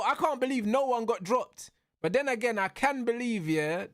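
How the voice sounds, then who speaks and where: A young man, commentating live on a fight for his stream in an excitable, slangy way, yelling at the referee. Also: high voice, dry recording, clean studio sound.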